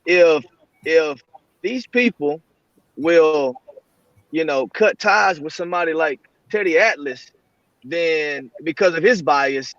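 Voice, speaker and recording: A man in a casual boxing debate with a somewhat high voice. He builds his argument in a steady, measured way. His sound is dry and muffled, as if from a remote line. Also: no echo. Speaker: guest.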